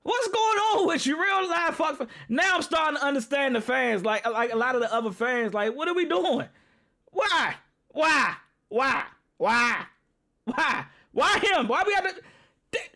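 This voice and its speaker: A man hosts a live football reaction stream. His voice sits very high and sounds bright and forceful. He rants, swears and cracks up as he talks straight to his viewers. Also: moderate pace. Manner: excitable, profane, laughing and ranting to viewers.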